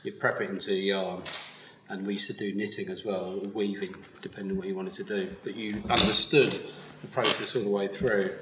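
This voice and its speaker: Speaking fairly quickly with little pitch movement, the low-voiced owner of a wool mill talks about his work in a relaxed way, with plenty of laughter. The podcast interview happens live at a yarn festival; the sound is roomy with faint noise.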